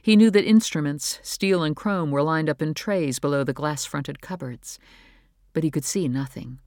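A man's voice: on the high side, no echo. Man narrating a novel in a dry voice. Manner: measured, even storytelling. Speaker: audiobook narrator. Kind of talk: scripted narration.

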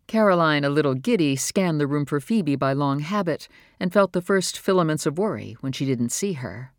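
Casting: steady audiobook narrator, even pace, dry booth sound. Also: medium pitch, no echo. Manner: calm, measured storytelling.

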